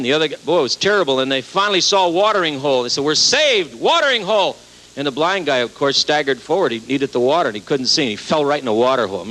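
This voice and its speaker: A man tells a long joke on a TV stage, his voice bright and forceful. He rambles along with many hesitations and keeps a deadpan tone. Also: mid-range voice, low-quality recording. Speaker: comedian. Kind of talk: stand-up joke telling on TV. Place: TV studio with audience.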